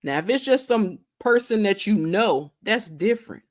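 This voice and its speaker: A woman's voice: medium pitch, animated, normal speed. Chatty woman livestream host with a drawl. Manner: chatty, greets viewers by name, drawls words out. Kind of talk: casual livestream chat.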